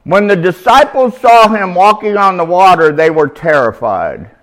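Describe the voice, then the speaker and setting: A man's voice: high voice, expressive, moderate pace, a bit bright. A middle-aged man preaching an informal, slangy sermon at a recovery meeting, shifting from easy talk to emphatic bursts.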